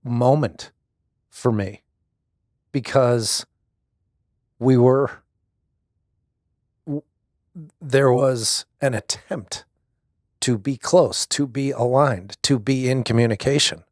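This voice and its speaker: A man's voice: medium pitch, slow, long pauses, darkish tone, no room sound, clean studio sound. A middle-aged man reflecting thoughtfully and hesitantly in a casual conversation, often restarting his sentences. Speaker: guest, husband.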